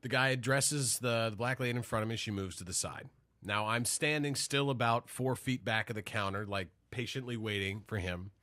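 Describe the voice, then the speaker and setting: A man's voice: medium pitch, moderate pace, pushed and bright. A man telling a story on a casual podcast, acting out other people's voices and swearing freely. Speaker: podcast host.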